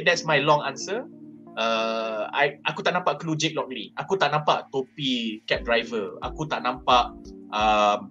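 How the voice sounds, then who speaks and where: This is a Malaysian man giving his take on a panel, with an animated, emphatic delivery. His voice is bright and sits a little higher than most men's. Faint music plays behind him. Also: muffled recording. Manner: code-switching, animated and emphatic. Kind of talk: casual panel discussion.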